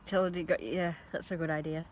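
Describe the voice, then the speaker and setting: A woman's voice: deep voice, flat delivery, quick pace, a little hiss or hum. A woman chatting casually on a live stream, talking to her viewers and scolding her dog.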